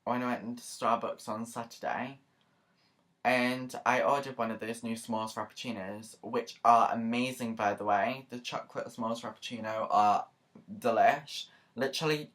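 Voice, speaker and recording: Chatty, rambling woman vlogger. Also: extremely low pitch. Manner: chatty and rambling, many fillers and asides; earnest and emotional. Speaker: YouTuber. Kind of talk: casual vlog talk to camera.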